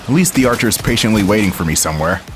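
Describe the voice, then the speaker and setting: A man's voice: fairly low pitch, animated, fast talker, noisy background. A young man giving wry, laid-back commentary while playing a game, talking straight to his viewers. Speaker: gaming channel host. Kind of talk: casual let's-play commentary.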